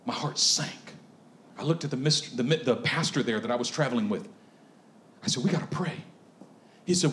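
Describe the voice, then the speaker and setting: A man preaching a sermon through a personal story, swinging from hushed tones to shouting and laughing often. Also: mid-range voice, lively intonation, brisk, reverberant, slight background noise.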